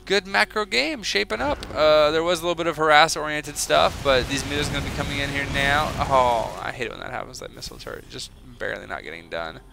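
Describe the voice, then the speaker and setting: A young man giving casual, rambling solo commentary on a video game match, chatty and excitable, with many fillers. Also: medium pitch, fast, gravelly, hardly any pauses, noisy background.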